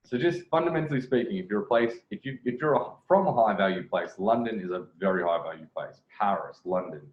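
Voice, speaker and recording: A man's voice: fairly low pitch, fast talker. Guy doing a video breakdown, kinda rambly, repeats himself, muffled lo-fi audio. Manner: rambling, self-correcting, repeats phrases. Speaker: dating coach commenting on a clip. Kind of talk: video commentary. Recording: echoey room, dull lo-fi sound.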